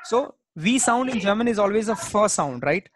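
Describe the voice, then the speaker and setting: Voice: medium pitch, brisk, dry recording. A German language teacher gives an online class over a video call. The teacher drills each word's pronunciation patiently and repeats it.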